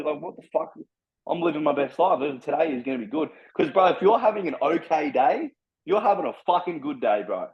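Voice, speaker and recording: Fast-talking blunt man. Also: a little high, animated, muffled recording. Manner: blunt, heavy swearing, preachy. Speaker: podcast guest. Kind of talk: casual chat.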